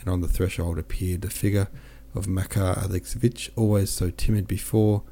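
Gravelly low-voiced male narrator. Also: steady tone, normal speed, warm tone. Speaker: audiobook reader and podcast host. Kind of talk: audiobook narration.

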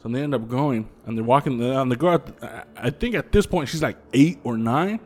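A man co-hosting a podcast, telling ghost stories in a loose, swearing, animated way and acting out the voices of the people in them. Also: mid-range voice, moderate pace, a little hiss or hum. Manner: profane, animated storyteller who acts out quotes. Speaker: podcast co-host. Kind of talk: casual chat, storytelling.

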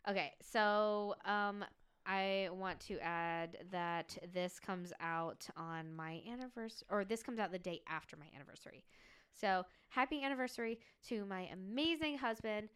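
Bright-voiced woman, chatty and excitable. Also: medium pitch, clean tone. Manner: excitable, quick to exclaim. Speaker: podcast co-host. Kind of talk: casual chat.

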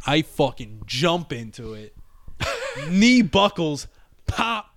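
Animated young man telling a bar story. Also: a little high, slow. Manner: animated, swearing, laughing through story. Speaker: podcast host. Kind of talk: casual storytelling.

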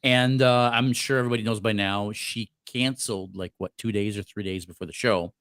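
A man's voice: lowish voice, steady tone, brisk, a bit bright, clean tone, no echo, clean studio sound. A man co-hosting a podcast, telling a story in casual chat with lots of fillers, restarts and laughter. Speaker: podcast co-host.

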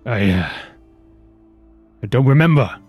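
A man voicing a confused, gruff male dwarf captive who speaks haltingly, with faint music behind. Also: mid-range voice, expressive, no room sound, highs cut off, voice pushed down. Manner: halting, disoriented.

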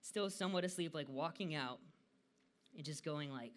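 A man's voice: fairly high pitch, moderate pace. A young American man giving a casual devotional talk, chatty and full of fillers. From United States. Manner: casual and chatty, frequent "like" fillers, laughs often.

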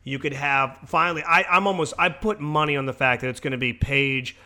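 A man's voice: medium pitch, fairly even intonation, a little fast, sharp tone. A man co-hosting a wrestling podcast, rambling through crude jokes, swearing freely and laughing at his own bits. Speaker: podcast co-host.

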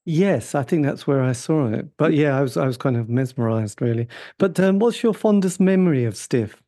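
Male podcast host, mellow tone, short questions, speaks to the audience. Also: medium pitch, expressive, moderate pace. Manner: brief interjections, addresses listeners. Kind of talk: interview.

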